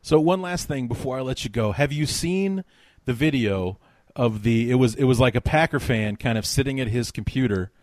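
A man hosting a sports podcast, telling stories in an animated, casual way with many fillers. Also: medium pitch, normal speed, no echo. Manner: animated storyteller, lots of fillers. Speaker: podcast host.

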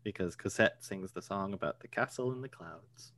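A man, co-hosting a casual podcast, rambling and joking with quick asides. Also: deep voice, fairly bright tone. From Boston area. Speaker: podcast co-host.

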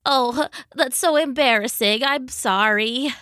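A woman's voice: high-pitched, slow pace, fairly bright tone, no room sound, studio quality. A woman voicing a shy, tearful young monster in a spoken storybook, sniffling and apologetic. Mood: timid, tearful.

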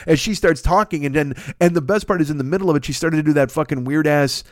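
A man hosting a podcast, telling a long comic anecdote in a casual, profane, animated way into a close mic. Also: on the high side, a little fast, hardly any pauses, dry recording. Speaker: podcast host. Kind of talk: casual comedic storytelling.

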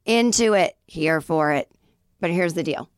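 A chatty woman in her forties tells a story on her podcast, acting out the people she quotes. Her voice sits low and is slightly raspy, recorded close and dry with no room sound. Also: animated, a little slow, dry recording. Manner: chatty, self-deprecating, acts out quoted voices. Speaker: podcast host. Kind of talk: casual storytelling monologue.

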